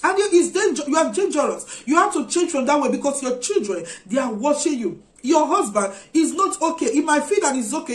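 A woman preaching a sermon, urging her listeners with earnest, repeated exhortations. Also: high voice. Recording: echoey room.

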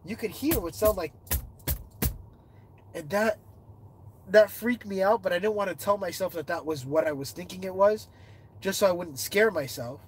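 A man's voice: moderate pace, long pauses, a little hiss or hum. Congested man chatting on a livestream. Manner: reads viewer comments aloud and answers them; animated storytelling, rising in pitch when excited. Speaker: livestreaming explorer. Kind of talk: casual livestream chat.

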